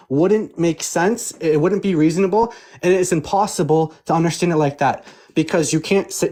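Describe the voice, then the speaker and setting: Man, debater, fairly high voice, firm, impatient, explanatory. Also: dark tone. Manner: assertive, impatient with interruptions, explains at length. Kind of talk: online debate.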